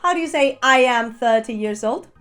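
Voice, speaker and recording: High, lively, playful woman teaching. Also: normal speed, faint music behind. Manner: playful, theatrical, laughs often. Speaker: Spanish teacher. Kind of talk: online language lesson.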